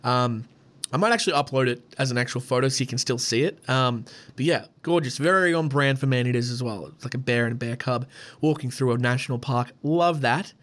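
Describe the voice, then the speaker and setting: A man's voice: mid-range voice, a little fast, fairly bright tone. A man hosting a podcast in a loose, rambling way, chatting and swearing freely. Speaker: podcast host. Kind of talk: casual podcast chat.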